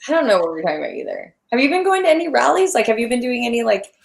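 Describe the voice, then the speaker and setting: A woman's voice: on the high side, sing-song, racing, vocal fry. A woman from Florida, a podcast guest in casual chat, blunt and outspoken.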